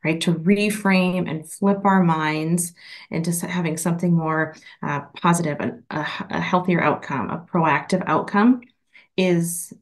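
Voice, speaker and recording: A woman from Minnesota with a Minnesotan accent, a podcast guest talking earnestly in long winding sentences. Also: low-pitched. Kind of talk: casual interview chat.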